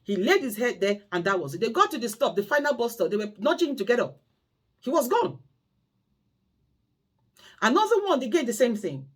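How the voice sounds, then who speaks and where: Husky woman pleading in a lively voice. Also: a little high, brisk, long pauses. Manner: pleading, preachy, emphatic. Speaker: carer vlogger. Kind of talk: impassioned storytelling monologue.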